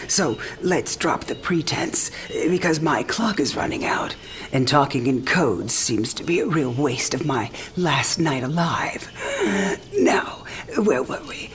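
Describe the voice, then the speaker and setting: An actress playing an elderly mother on her last night alive, wry, teasing and frank, often speaking softly in a game cinematic. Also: low voice, a little hiss or hum. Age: older. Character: dying elderly mother, warm, sharp-witted, frank. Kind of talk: video game cinematic drama.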